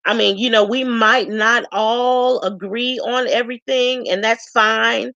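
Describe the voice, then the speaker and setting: A woman from Chicago giving a frank, chatty self-introduction to her viewers, pausing often with ums. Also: fairly high pitch, fairly even intonation, creaky, bright, forceful tone, no room sound, muffled recording. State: tearful at times. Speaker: vlogger introducing herself. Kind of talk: casual self-introduction to camera.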